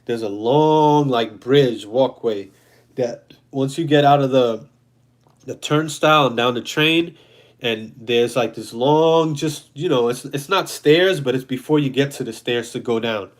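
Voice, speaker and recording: A man's voice: mid-range voice, unhurried. Blunt New guy in his thirties, swears freely, casual storytelling monologue, mid-range voice. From New York City. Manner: blunt, profane, animated storytelling. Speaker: host.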